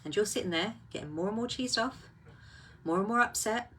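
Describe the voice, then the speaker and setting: A woman's voice: mid-range voice, animated, brisk, a bit bright, slight background noise. A woman hosting a casual live talk, reflective and full of rhetorical questions.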